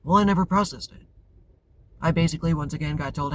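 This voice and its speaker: A man's voice: a little high, quick pace. A man hosting a tarot channel, talking casually and candidly to camera, rambling and often restarting his sentences. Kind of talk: casual confessional talk to camera. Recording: clear background noise with vehicle sounds.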